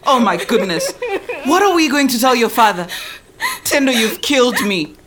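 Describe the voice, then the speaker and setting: A woman playing a proud, stern mother who scolds her pregnant daughter with sharp, theatrical wailing. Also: a little high, very animated, moderate pace, noisy background. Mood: wailing scolding.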